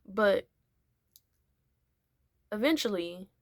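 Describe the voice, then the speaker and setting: Speaking extremely slowly in a mid-range voice, a young vlogger tells a casual, rambling story full of fillers. The studio-quality recording has no room sound, and she animatedly acts out what others said.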